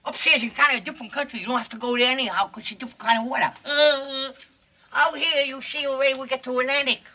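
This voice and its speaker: Man doing a bumbling TV weatherman, very bright voice, muddled folksy ramble, 1950s comedy. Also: extremely high pitch, fairly even intonation, fast talker, exaggerated voice, low-quality recording. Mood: rambling.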